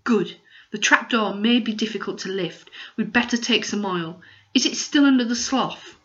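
Lady doing a practical serious boy, kinda flat and firm, muffled audio. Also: fairly high pitch, normal speed, lightly acted. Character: practical, gloomy, self-reliant boy.

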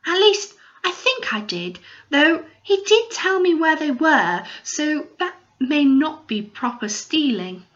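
A woman's voice: sits high, sing-song, slow, a bit bright, voice pushed up, heavily acted. A woman voicing a determined, proud young girl, speaking eagerly in a slightly dull recording.

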